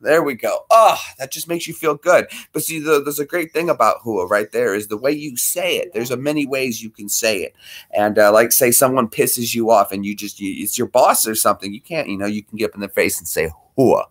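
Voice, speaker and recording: A man's voice: mid-range voice, a little fast. A man hosting a casual livestream, greeting viewers by name and talking to his dog between topics. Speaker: livestream host.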